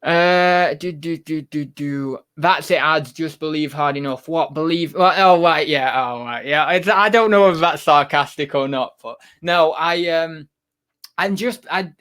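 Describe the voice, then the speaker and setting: Slightly high and a touch bright, this man's voice carries a casual livestream where he reads viewer comments aloud. His talk is loose and rambling, packed with fillers and false starts.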